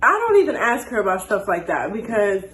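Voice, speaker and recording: A woman in her twenties telling a dating story in a casual, animated way and acting out the dialogue. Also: mid-range voice, brisk. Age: 20s. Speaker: storytime host. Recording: echoey room.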